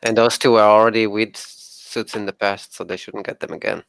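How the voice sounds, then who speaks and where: A man's voice: fairly low pitch, flat delivery, moderate pace, creaky, a bit bright, clear, resonant tone, no room sound, rough recording. A man playing a tabletop game, speaking in a wry, teasing way. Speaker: player. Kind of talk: tabletop role-play chat.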